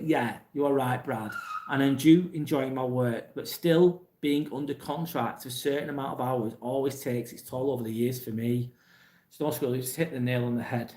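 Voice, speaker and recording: An English man talks casually and bluntly through a live stream, reading out viewers' messages and giving straight answers. His voice sits at an ordinary middle pitch. The room around him is echoey. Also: dark tone. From England. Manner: blunt, plain-spoken, swears casually. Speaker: livestream host reading chat.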